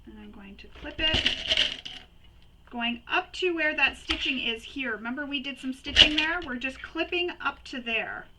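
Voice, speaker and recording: A woman with a fairly high voice guides viewers through a sewing project step by step, chatty and prone to recapping earlier steps. Clear noise from her work runs behind her voice. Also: normal speed. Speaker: sewing tutorial host.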